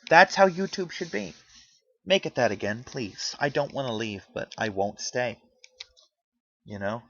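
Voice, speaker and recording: A YouTuber with a medium-pitched, gravelly, slightly bright voice rants earnestly to camera, pleading with his audience and rambling with restarts as he speaks from the heart. He's expressive and a little slow. His home microphone cuts off the highs and picks up slight background noise.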